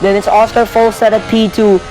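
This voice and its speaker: High-voiced young man calling a game race. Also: normal speed, soft background music, low-quality recording. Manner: rambling, self-correcting, excitable at crashes. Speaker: race commentator. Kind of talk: live video game race commentary.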